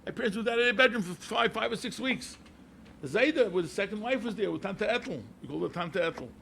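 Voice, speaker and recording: A man, a rabbi telling stories to an audience in an animated way, repeating phrases and mixing in Yiddish and Hebrew words. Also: sits high, quick pace, creaky, a little hiss or hum. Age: 70s. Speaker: rabbi and yeshiva head. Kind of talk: storytelling talk to an audience.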